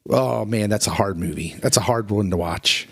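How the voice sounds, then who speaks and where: A man co-hosting a podcast in casual chat, retelling movie scenes with animated, emotional delivery. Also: on the low side, normal speed, vocal fry, slightly rough, no echo, clean studio sound. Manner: animated, emotional, acts out quotes in raised voice. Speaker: podcast co-host.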